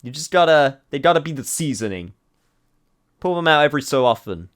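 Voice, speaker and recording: A man's voice: fairly high pitch, animated, a little fast, fairly bright tone. A young man giving rambling, self-deprecating commentary over a game, laughing at his own slips. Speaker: game streamer. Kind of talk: let's play commentary.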